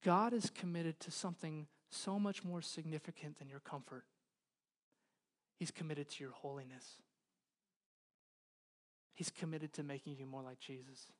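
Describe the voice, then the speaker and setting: A man in his thirties, a pastor preaching a sermon in a church, moving from loud pleading to hushed intensity. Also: a little high, steady tone, normal speed, pauses often. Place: church hall.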